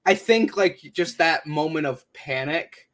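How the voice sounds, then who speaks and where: A man with a slightly high voice chimes in on a casual recap chat. He speaks hesitantly, circling and restarting his thoughts before he lands a point. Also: expressive, a little slow, fairly bright tone. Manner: hesitant, many fillers and restarts. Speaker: podcast co-host.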